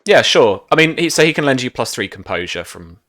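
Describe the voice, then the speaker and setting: A man's voice: mid-range voice, big pitch swings, fairly quick, fairly bright tone. A man narrating as game master of a tabletop role-playing game, rambling and hesitant. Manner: rambling, hesitant, many fillers.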